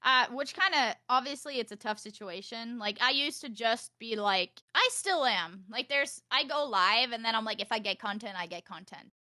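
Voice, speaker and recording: A young woman from Norway, a streamer chatting as a podcast guest, animated and quick to laugh. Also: on the high side, no echo, clean studio sound. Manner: animated, laughs often, acts out quotes. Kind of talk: casual chat.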